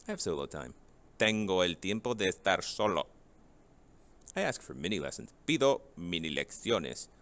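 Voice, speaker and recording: A man's voice: sits low, fairly bright tone. A man teaching a Spanish vocabulary lesson, reading each English word and then its Spanish match, and asking the class rhetorical questions.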